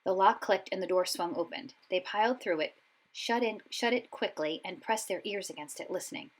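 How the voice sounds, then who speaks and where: A woman's voice: lowish voice, moderate pace, low-quality recording. Woman reading a storybook aloud. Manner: expressive, voices each character. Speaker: audiobook reader.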